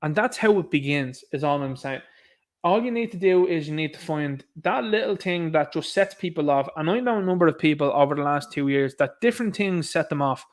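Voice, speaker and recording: A man's voice: on the high side, expressive, fairly quick. Indignant Irish man ranting on a stream. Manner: indignant, sarcastic, addresses listeners as lads. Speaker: livestream host. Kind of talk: ranting livestream commentary.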